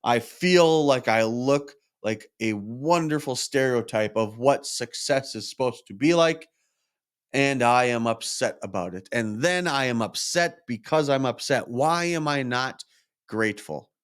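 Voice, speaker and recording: A man's voice: medium pitch, a little slow, clean tone. A man, a podcast host, telling a personal story in a candid, self-reflective monologue, openly frustrated and swearing at times.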